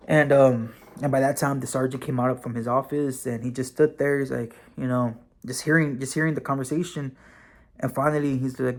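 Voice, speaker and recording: A man's voice: medium pitch, brisk. A man recording a vlog, telling a personal story casually with many fillers and the odd swear word. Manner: relaxed and conversational, with frequent fillers and occasional swearing. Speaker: vlogger and former correctional officer, now bus driver.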